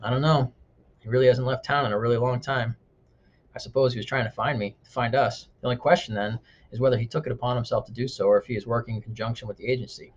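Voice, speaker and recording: A man's voice: mid-range voice, fairly even intonation, fast talker, lightly acted. A man reading an audiobook, voicing an undead teenage girl who speaks steadily and earnestly. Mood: thoughtful. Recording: dull lo-fi audiobook recording.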